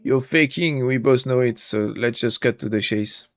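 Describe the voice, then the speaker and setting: A man's voice: medium pitch, normal speed, no room sound, studio quality. Joking man narrating a game playthrough. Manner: chatty, joking, reads dialogue aloud. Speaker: gaming YouTuber. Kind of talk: casual let's-play commentary.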